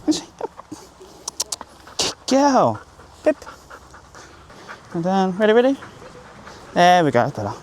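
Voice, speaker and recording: A man's voice: high voice, sing-song, normal speed, pauses often, darkish tone, slight background noise. A man working as a dog trainer, coaching an owner outdoors on a group walk. He is upbeat and encouraging, with sing-song praise for the dog.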